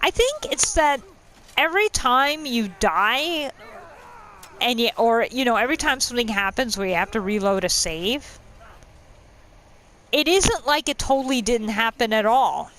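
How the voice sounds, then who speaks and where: Animated woman musing over her gameplay. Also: a little high, a little slow, pauses often, poor audio. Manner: musing, chatty, laughs often. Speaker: gaming channel host. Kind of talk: let's-play commentary.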